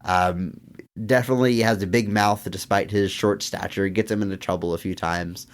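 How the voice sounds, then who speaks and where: A man co-hosting a film podcast, chatting casually with dry jokes and drawn-out emphasis. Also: deep voice, steady tone. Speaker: podcast co-host. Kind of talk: casual film review chat.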